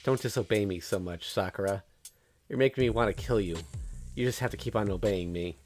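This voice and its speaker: A man's voice: lowish voice, a little fast, a little mellow, soft background music, natural voice. A man voicing a cruel teenage boy who bullies and threatens, reading a visual novel aloud. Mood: menacing. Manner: taunting, threatening.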